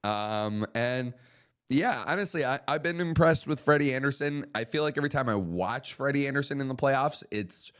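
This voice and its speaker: A man's voice: mid-range voice, animated, normal speed, fairly bright tone, clear, resonant tone. A man co-hosting a casual sports talk show, making dry, wry remarks between hesitant fillers. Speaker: co-host.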